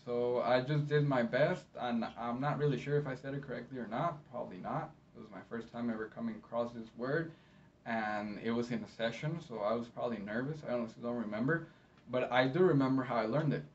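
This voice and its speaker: Friendly man, distant lo-fi sound. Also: medium pitch. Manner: friendly, encouraging, pauses often mid-sentence. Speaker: medical interpreter. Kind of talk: educational talk to camera. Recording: slightly distant, dull lo-fi sound, faint noise.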